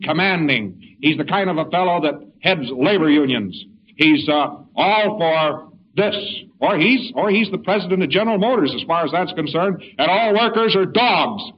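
A man giving an informal lecture in a folksy, rambling way with wry asides. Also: fairly high pitch. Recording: dull lo-fi recording with faint hiss.

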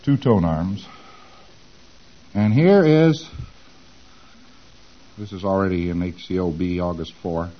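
A man giving a lecture, acting out exchanges with quick mumbled asides. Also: deep voice, highs cut off. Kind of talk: recorded lecture.

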